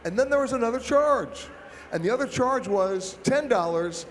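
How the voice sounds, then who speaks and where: High-voiced man telling wry stories. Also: expressive, moderate pace. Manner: wry, anecdotal, punchy delivery. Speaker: travel expert panelist. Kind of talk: storytelling panel talk. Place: large expo hall. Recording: echoey expo hall with faint noise.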